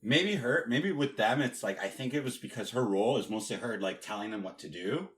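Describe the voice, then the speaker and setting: A man's voice: medium pitch, lively intonation, fairly quick. A man co-hosting a casual movie podcast, blunt and swearing a lot as he talks. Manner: blunt, swears often, lots of fillers. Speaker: podcast co-host. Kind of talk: casual movie review chat.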